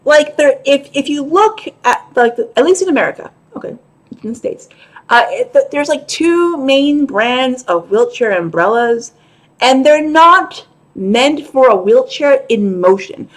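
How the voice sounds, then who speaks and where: High-voiced, chatty New woman. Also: animated, a little slow. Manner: chatty, frank and profane, with laughing asides. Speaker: vlogger and show host. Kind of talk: casual talk to camera.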